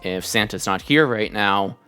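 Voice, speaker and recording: Deep-voiced woman game master. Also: a little slow, smooth, soft background music. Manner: chatty, relaxed narration with many fillers. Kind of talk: narrating a tabletop game.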